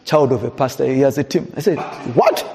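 A man's voice: mid-range voice, lively intonation, a little fast, dark tone. A man preaching a sermon as pastor, building to emphatic calls to the congregation. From Zambia. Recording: long hall reverb.

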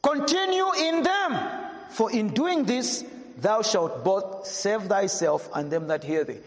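Guy preaching a sermon, high voice that jumps all over, big echoey church hall, keeps asking the crowd questions. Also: lively intonation, darkish tone. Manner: emphatic, repeats questions to the congregation, slows to read scripture. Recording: echoey hall with long reverb.

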